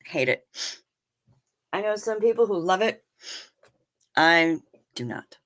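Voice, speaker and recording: Taking her time, a woman with a fairly low, animated, slightly bright voice hosts a chatty livestream. She greets viewers by name, calls them honey while reading their comments, and hums and sings little doo-doo fillers.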